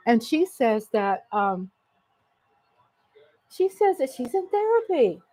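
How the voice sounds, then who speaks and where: A woman hosts a relaxed live chat. Her voice sits high and she takes her time, greeting viewers by name and laughing often. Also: takes it slowly, poor audio. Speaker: livestream host. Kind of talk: casual live-chat commentary.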